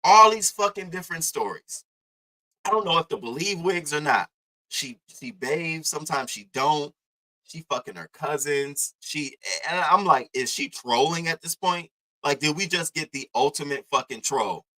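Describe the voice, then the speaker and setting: A young man from Baltimore tears through online drama in a profane, animated commentary. His voice is bright and forceful and sits a little high. He keeps slipping into other people's voices to act out what they said. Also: normal speed, rough recording. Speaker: commentary livestreamer.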